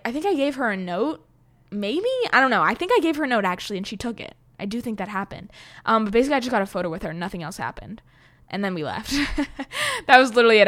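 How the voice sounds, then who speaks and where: A young woman tells a personal story in a loose, rambling vlog style. She fills her sentences with "like" and the odd swear word. Her voice sits at an ordinary middle pitch and jumps up when she gets excited. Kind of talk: casual storytelling.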